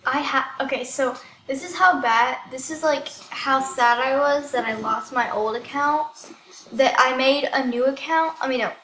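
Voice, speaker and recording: A young woman talking through a computer game at home, excitable and giggly, filling her talk with "like". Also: high voice, normal speed, roomy sound, background noise. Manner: excitable and giggly, heavy use of "like". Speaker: game video creator. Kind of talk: casual gameplay commentary.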